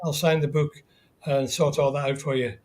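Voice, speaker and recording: A man's voice: a little high, little pitch movement, moderate pace, darkish tone. An older man chatting casually as a guest on a live stream, reminiscing and saying friendly goodbyes. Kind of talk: casual chat.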